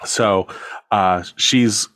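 A man's voice: fairly low pitch, steady tone, drawn-out words, fairly bright tone, no echo. A man hosting a podcast, casually retelling a film scene by scene and acting out the characters' lines, swearing freely. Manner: storytelling, acts out quotes, swears casually. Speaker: podcast host.

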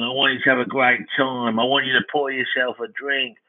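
A man hosting a comedy podcast, rambling through a self-mocking comic monologue in a deadpan way. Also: mid-range voice, fairly quick, hardly any pauses. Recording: band-limited, phone-like sound.

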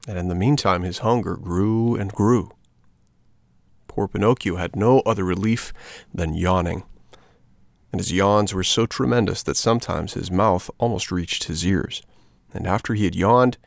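A man reading a children's book aloud in an expressive, measured storytelling manner. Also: deep voice, gravelly, no echo.

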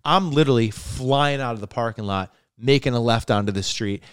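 A young adult man from Buffalo, New York, a comedian guest telling a wild story in casual chat, animated and swearing. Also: mid-range voice, a little fast, clean tone, no echo, clean studio sound. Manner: animated, swearing, gets loud and laughs as the story builds.

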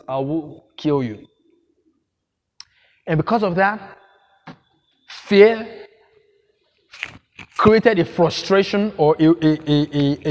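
Emphatic preacher, fairly high voice. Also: male voice, a little mellow, a little hiss or hum. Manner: emphatic, repeats phrases, asks the congregation questions. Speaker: pastor. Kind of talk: sermon.

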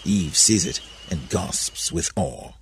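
Deep-voiced man reading a story. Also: slow pace, noisy background. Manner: animated, voices many characters. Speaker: narrator.

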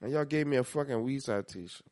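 A man with a New Orleans accent, co-hosting a podcast in casual chat, telling animated stories full of swearing and acted-out quotes. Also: mid-range voice, fast, dry recording. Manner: animated storytelling, swears a lot, acts out quotes. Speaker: podcast co-host.

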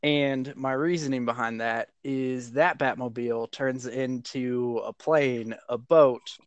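A relaxed man hosts a casual geek podcast, taking his time with every sentence. His delivery is unhurried and loose, with an occasional curse word. The recording is dry and close, with almost no room sound. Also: medium pitch, clean tone, dry recording. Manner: laid-back, swears casually, laughs often. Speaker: podcast co-host.

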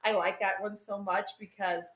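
A woman's voice: medium pitch, level tone, moderate pace, fairly bright tone. A woman chatting as a guest on a podcast, rambling and laughing, losing her train of thought. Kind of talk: casual chat. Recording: echoey room.

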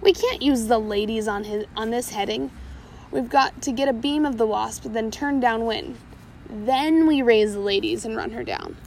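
A woman's voice: a little high, very animated, moderate pace, creaky, darkish tone, a little hiss or hum. A woman voicing a scheming, cruel male pirate captain who sneers at his crew, in a storybook reading. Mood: sneering. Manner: sneering, self-satisfied.

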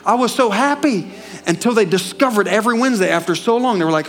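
A middle-aged man preaching a sermon, telling a personal story and building to loud, fervent peaks. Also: high-pitched, lively intonation, fast talker.

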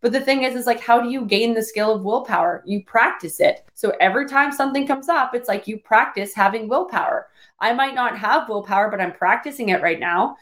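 A woman's voice: on the high side, a little fast, fairly bright tone. A woman hosting a casual solo podcast, coaching her listeners directly with a rambling flow full of "like" fillers. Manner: rambling, heavy use of "like" fillers. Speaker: podcast host.

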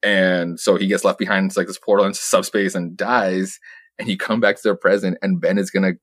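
A young podcast co-host recaps a comic book, rambling and swearing, laughing often and quoting characters in passing. His low voice is fairly bright and moves little in pitch, and he talks a little fast with no echo.

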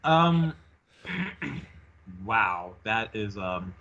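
A man in casual chat, hesitant and filling pauses with ums. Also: fairly low pitch, big pitch swings, vocal fry. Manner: hesitant, many fillers. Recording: dull recording with loud noise.

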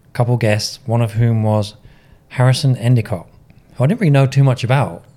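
A man's voice: medium pitch, steady tone, fairly quick, dark tone. Matter-of-fact male podcast co-host. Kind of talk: casual conversational chat.

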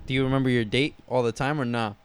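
A man's voice: medium pitch, steady tone, quick pace, clean tone. A young man co-hosting a podcast on a headset, asking questions in laid-back slang during casual chat. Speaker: podcast co-host.

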